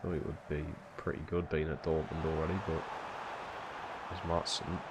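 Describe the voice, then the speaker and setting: A young man streaming a football video game, giving live commentary that drops to low mutters and jumps to shouts when something big happens, with plenty of swearing. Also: level tone, moderate pace, very noisy.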